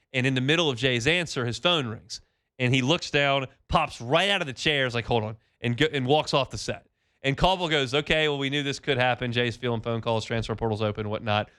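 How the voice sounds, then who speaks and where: A man's voice: mid-range voice, fairly bright tone, clear, resonant tone. A man hosting a sports radio show, talking casually and reading live ads. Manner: conversational, repeats himself, frequent fillers.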